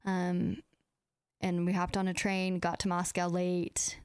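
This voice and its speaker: A woman's voice: fairly low pitch, monotone, slow, darkish tone, smooth, dry recording, studio quality. A young woman casually telling personal stories as a podcast host, chatty and full of "like". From United States. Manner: chatty, fills speech with "like", acts out quoted dialogue.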